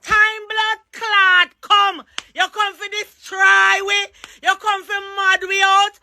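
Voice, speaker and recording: A Jamaican man with a very high, piercing, tense voice yells curses and accusations at the leaders. A faint hiss of noise sits under the recording. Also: level tone, slow pace. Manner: shouting, cursing, accusing. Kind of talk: angry call-out rant.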